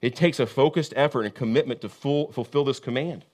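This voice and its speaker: A man preaches a sermon as a pastor at a fairly quick pace. His impassioned, repetitive cadence swings between booming emphasis and hushed intensity.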